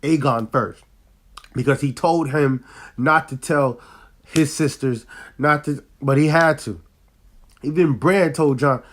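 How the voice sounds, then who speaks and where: Hyped-up man recapping a TV episode. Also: unhurried. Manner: excitable, slangy, repeats 'bruh', bursts loud and high when hyped. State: sick, occasional cough. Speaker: TV episode reviewer. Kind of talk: casual recap and review.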